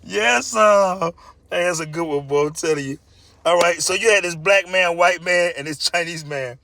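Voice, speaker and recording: A man's voice: sits high, normal speed, gravelly, pushed and bright. A man casually telling a pack of jokes, hyped and chatty, laughing at his own punchlines.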